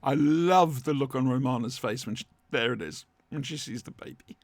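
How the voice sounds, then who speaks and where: A man's voice: mid-range voice, normal speed, dry recording. A man with a chatty, wry manner, co-hosting a casual watch-along commentary from home. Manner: chatty, wry, fond asides. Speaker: podcast co-host watching along. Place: home room, dry sound.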